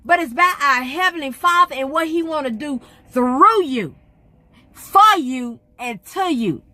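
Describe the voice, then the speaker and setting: A woman's voice: sits high, animated, unhurried, sharp tone, dry recording. A middle-aged woman, giving an emphatic, preacherly faith testimony to her vlog audience. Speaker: vlogger.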